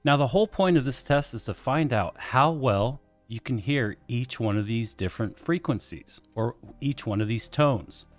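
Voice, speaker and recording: A middle-aged man hosting an explainer video, teaching in plain, friendly layman's terms. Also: mid-range voice. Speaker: host explaining hearing tests.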